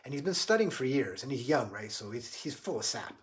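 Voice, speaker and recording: A man giving a livestreamed spiritual talk, earnest and halting, often restarting his sentences. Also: medium pitch, sing-song. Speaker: spiritual teacher.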